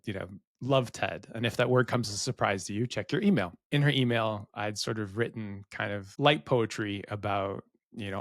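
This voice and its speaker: A man's voice: on the low side, a bit bright, dry recording, studio quality. A middle-aged man co-hosting a podcast, telling a rambling, self-deprecating story and acting out the dialogue. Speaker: podcast co-host. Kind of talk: candid storytelling.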